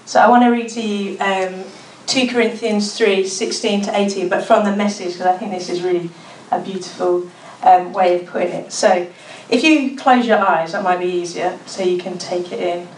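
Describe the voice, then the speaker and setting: A woman's voice: medium pitch, steady tone, normal speed, few pauses, a little hiss or hum. Brummie woman preaching in an echoey room. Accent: Birmingham. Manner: chatty, informal, with frequent "like" and restarts. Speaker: speaker at a church gathering. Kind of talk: conversational talk on prayer. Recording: echoey room, mic at a distance.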